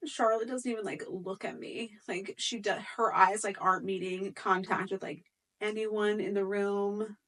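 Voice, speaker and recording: A woman's voice: mid-range voice, steady tone, moderate pace, a bit bright, far from the mic. A young woman telling an emotional family story in a vlog, talking casually with many fillers and restarts.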